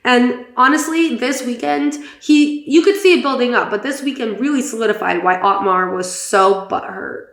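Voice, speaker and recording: Gravelly-voiced gossipy woman podcast host. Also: on the high side, normal speed, few pauses, fairly bright tone. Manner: chatty and gossipy, swears, many fillers. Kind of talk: casual chat. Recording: roomy echo.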